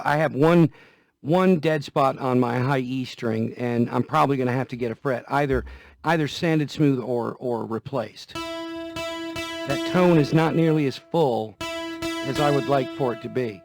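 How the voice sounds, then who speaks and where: In a dry recording, a man with a creaky, medium-pitched voice talks at a measured pace about caring for guitars. His casual demonstration is folksy and repetitive, with a guitar heard from time to time.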